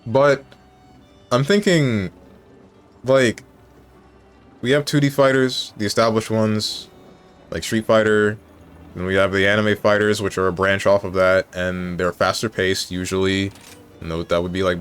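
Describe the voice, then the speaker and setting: A man talks casually on his live stream in a somewhat low voice, working through his thoughts aloud and correcting himself as he goes. Faint music plays softly behind him. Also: level tone, measured pace, long pauses, clean tone. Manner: thinking aloud, musing and self-correcting.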